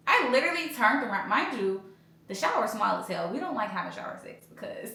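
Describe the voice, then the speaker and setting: A young woman, casually telling her own breakup story as a podcast host, blunt and profane, jumping into high loud voices when she quotes others. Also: animated, normal speed, creaky. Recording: very echoey room, faint background noise.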